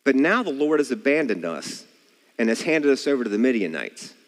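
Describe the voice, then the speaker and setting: A man's voice: medium pitch, very animated, fairly quick, long reverb tail, natural voice. A man reading the part of a doubting young male farmer aloud in a sermon, pleading and questioning in his everyday voice.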